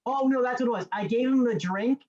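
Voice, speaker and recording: A man's voice: very high-pitched, fairly quick, a little mellow. A man, a student, telling a story casually in class, hesitant and restarting often. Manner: hesitant, many fillers and restarts. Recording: dull lo-fi sound.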